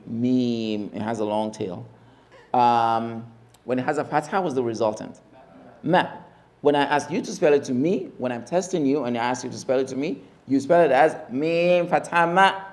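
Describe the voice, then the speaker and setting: A man teaching Arabic letters in a mosque class, slowly drilling each sound and repeating the spelling emphatically. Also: mid-range voice. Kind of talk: classroom lesson.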